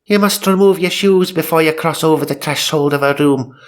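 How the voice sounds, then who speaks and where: A man voicing a solemn male priest, pitching his voice high and straining at an accent he cannot manage. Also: brisk, natural voice. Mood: grave.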